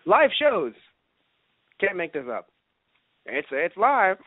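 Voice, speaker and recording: A man's voice: high voice, takes it slowly, husky, no room sound. A man co-hosting a live radio show, chatting casually and animatedly. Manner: animated, enthusiastic rambling. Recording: tinny phone-like sound, dry.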